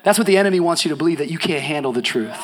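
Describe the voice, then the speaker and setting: High-voiced preacher swinging from hush to shout. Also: male voice, animated, rapid-fire, a little hiss or hum. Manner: swings from hushed storytelling to shouted emphasis; casual slangy asides to the congregation. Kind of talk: energetic sermon.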